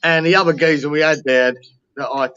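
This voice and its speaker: A man's voice: a little high, steady tone, fairly quick, pushed and bright, clear, resonant tone. A tired middle-aged man with a Cockney accent, chatting casually and bluntly with plenty of swearing. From London. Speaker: guest. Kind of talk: casual chat. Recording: dull lo-fi sound with faint noise.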